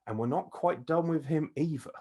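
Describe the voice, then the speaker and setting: A man hosting a casual wrestling review, excitable, swearing freely and laughing often. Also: fairly high pitch, normal speed, slightly rough. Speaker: podcast host.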